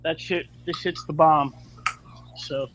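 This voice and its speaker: A man's voice: on the high side, fairly even intonation, slow, fairly bright tone, highs cut off. Crude, joking man talking comics. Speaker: comic book reviewer. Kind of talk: casual live-stream chat.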